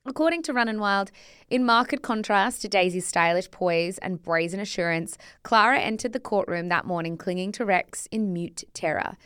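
A woman's voice: on the low side, moderate pace, fairly bright tone, clear, resonant tone, no echo, clean studio sound. A woman co-hosting a podcast, reading a scripted history story and breaking off into chatty, conversational asides. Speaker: podcast co-host.

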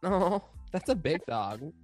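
Mellow-voiced young woman chatting. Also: on the low side, takes it slowly, soft background music. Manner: mellow, even tone, self-described. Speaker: podcast co-host. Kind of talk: casual chat.

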